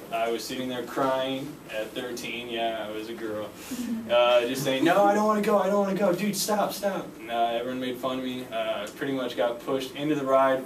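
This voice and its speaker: A young man giving a casual personal speech, full of fillers like "uh" and "pretty much". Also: medium pitch. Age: young adult. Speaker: speaker giving a class speech. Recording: roomy echo, from far off, faint background noise.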